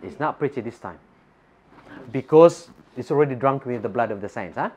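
A man's voice: medium pitch, expressive, moderate pace, a little mellow, breathy edge. A man with a Filipino accent preaching a sermon to a congregation in a church, reading Bible verses and putting rhetorical questions to his listeners.

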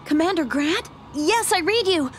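A woman's voice: extremely high pitch, lively intonation, unhurried, soft background music. An actress voicing an earnest young female space officer in a video game.

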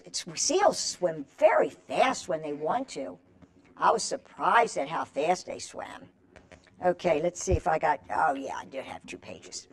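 A woman's voice: lowish voice, a bit bright. A woman reading a picture book aloud to children, coaxing them to join in with stretches and animal calls. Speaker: children's storyteller.

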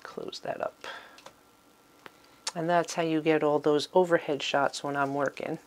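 A middle-aged woman giving a relaxed, chatty tour of her small home craft room. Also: low voice, normal speed. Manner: chatty, with fillers and little laughs. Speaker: vlogger giving a studio tour. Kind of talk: casual tour talk.

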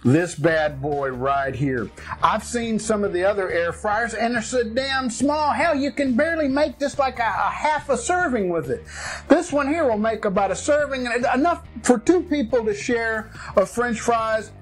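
A man's voice: very high voice, lively intonation, moderate pace. A man hosting his own home cooking show, talking in a folksy, jokey, colloquial way. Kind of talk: casual cooking demo.

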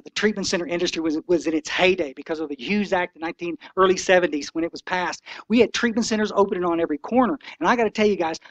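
A man's voice: sits high, no room sound, highs cut off. A man in his sixties giving an impassioned, folksy talk to a recovery meeting, preachy and blunt.

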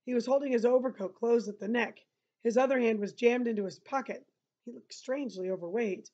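Woman teacher reading a novel aloud and stopping to explain; fairly high voice, muffled recording. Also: fairly quick, warm tone. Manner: breaks off the reading to explain to listeners. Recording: dull lo-fi recording.

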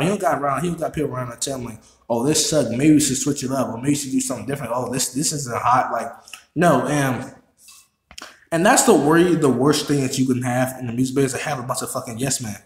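A man hosting a reaction video who talks excitably, swears a lot and repeats himself. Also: mid-range voice, roomy sound. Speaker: YouTube reaction host. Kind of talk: casual reaction commentary.

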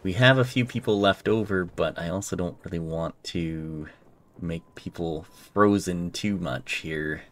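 A man's voice: low voice, unhurried. A man playing a game and commenting casually, thinking aloud as he decides. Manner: relaxed, thinking aloud, trailing off. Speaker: gaming channel host. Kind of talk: let's play commentary.

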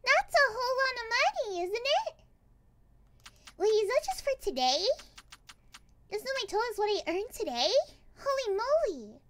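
A woman streaming a game and chatting casually with viewers, bubbly and excitable, rambling with exclamations. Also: very high-pitched, normal speed, long pauses, a little hiss or hum. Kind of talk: casual livestream chat while gaming.

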